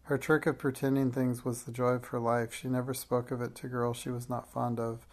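Audiobook reader doing a classic kids novel, flat even voice, steady plain reading. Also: medium pitch. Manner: even, measured reading with occasional slips. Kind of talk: scripted narration of a classic children's novel.

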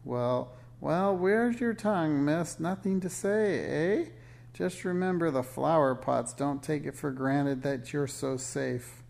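Man playing a cruel old witch, screeching, high-pitched, snarling, gravelly edge, storybook. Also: slow, darkish tone. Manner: shrill, snarling and menacing.

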